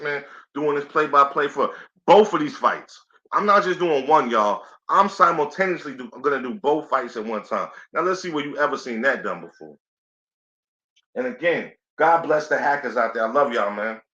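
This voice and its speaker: A man's voice: a little high, moderate pace, pushed and bright. Laid-back chatty man, echoey lo-fi. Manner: laid-back, chatty, says "you know what I'm saying" a lot. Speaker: boxing play-by-play host. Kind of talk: casual live commentary stream. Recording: echoey room, dull lo-fi sound.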